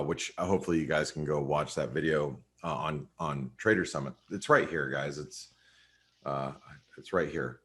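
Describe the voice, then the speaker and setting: A man's voice: extremely low pitch, fairly bright tone. A man giving casual live market commentary on a webinar, rambling with lots of fillers and repeated words, heard over a video call. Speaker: market analyst on a trading webinar.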